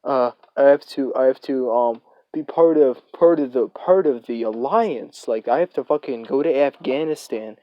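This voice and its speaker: A man voicing a spaced-out teenage boy on a trip, repeating himself haltingly. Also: medium pitch, no echo, dull audio, natural voice. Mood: dazed. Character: dazed tripping teenage boy at prom.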